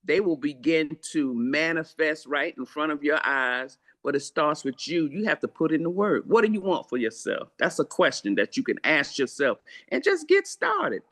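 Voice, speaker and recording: A woman's voice: sits low, sing-song, normal speed, hardly any pauses, fairly bright tone. Casting: older woman, memoir author guest, earnest, repetitive, preacherly rhythm. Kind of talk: heartfelt interview answers.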